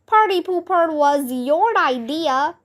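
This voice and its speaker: A woman's voice: high-pitched, lively intonation, slow pace, voice pushed up. A woman voicing a bossy know-it-all schoolgirl in a storybook reading. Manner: accusing.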